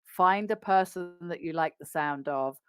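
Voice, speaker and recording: A woman's voice: on the low side, a little slow, clear, resonant tone, no echo, soft background music. A woman with an English RP accent, a business English coach, explaining practical tips in an upbeat conversational interview.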